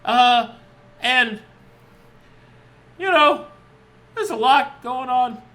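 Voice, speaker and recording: A game master voicing a cheery, chatty male bard who wears a beast costume, rambling excitedly. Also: high-pitched, very slow, voice pushed up, heavily acted. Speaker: street bard and drug peddler.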